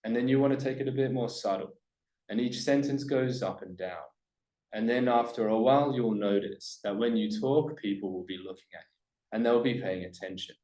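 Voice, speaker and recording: A man presenting a workshop to a live audience, emphatic and coaching, swinging between loud points and hushed asides. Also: medium pitch, normal speed, roomy sound, poor audio. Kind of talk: live seminar teaching to a room.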